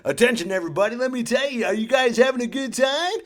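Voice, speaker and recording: A man voicing a loud, cheery male skating rink announcer who shouts game instructions over the speaker. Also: expressive, fast. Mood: hyped. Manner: booming, hyped, over a speaker.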